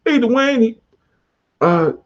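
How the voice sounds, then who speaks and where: A man's voice: very high-pitched, expressive, slow, muffled recording, voice pushed up, heavily acted. A man voicing his former radio boss, an older man with a New York accent, blunt and chummy. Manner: casual, slangy, chummy.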